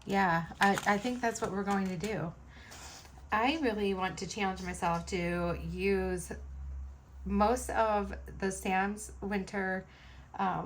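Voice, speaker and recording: Speaking at a medium pitch over a little hiss or hum, a woman vlogger makes beaded jewelry at home and chats in a loose, rambling way packed with fillers.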